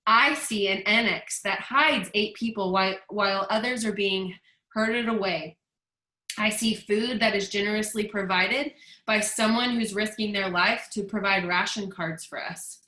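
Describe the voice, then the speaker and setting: A woman reading out the words of a patient, wise teenage girl in hiding, calm and measured. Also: medium pitch. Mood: calm earnest. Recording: echoey room.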